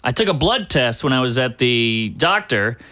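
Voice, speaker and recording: A man's voice: mid-range voice, very animated, moderate pace, pushed and bright. A man, a guest comedian, telling long self-deprecating stories in a casual, profane podcast chat.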